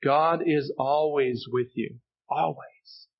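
Male pastor, sermon, emphatic repetition, husky tone, muffled sound. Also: medium pitch, takes it slowly. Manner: earnest, emphatic preaching with repetitions. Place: church sanctuary.

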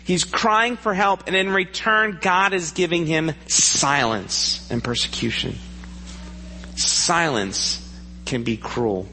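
A man's voice: fairly high pitch, takes it slowly, pushed and bright, in a large hall, a little hiss or hum, low-quality recording. A man preaching a sermon in a church, earnest and asking the congregation questions. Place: church sanctuary.

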